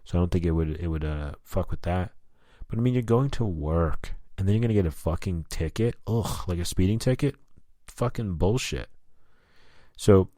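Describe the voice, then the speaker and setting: Male podcast host, low voice, dry close sound, casual and profane monologue. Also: normal speed, warm tone, dry recording. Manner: profane, rambling and candid. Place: lives in Albuquerque.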